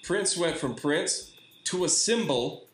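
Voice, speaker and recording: A man's voice: a little high, slow, faint music behind. A middle-aged man co-hosting a podcast, telling stories in casual chat and laughing often. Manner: animated storyteller, laughs often. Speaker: podcast co-host. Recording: roomy echo, faint background noise.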